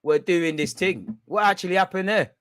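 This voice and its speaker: A young man hosting a football watch-along, reacting loudly in slangy, shouty commentary. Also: high voice, moderate pace, no echo. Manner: excitable, shouty and slangy, chanting and yelling at the referee.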